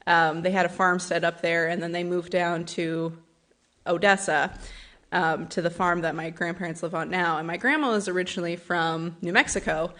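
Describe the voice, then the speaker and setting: Young woman, fairly low voice, earnest church testimony, conversational scripture reading. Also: fairly even intonation, moderate pace, bright, forceful tone. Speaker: church member giving a talk. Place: church service.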